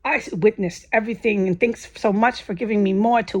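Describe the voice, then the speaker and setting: Woman vlogger, angry profane rant, raspy and a bit high-pitched. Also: moderate pace. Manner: agitated and profane, voice rising to near-shouts. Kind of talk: angry ranting monologue.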